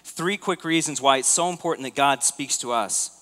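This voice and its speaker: This pastor's mid-range voice has a fairly bright tone and a moderate pace, carrying through a church auditorium with a long hall reverb. His sermon is conversational, dotted with questions for the congregation.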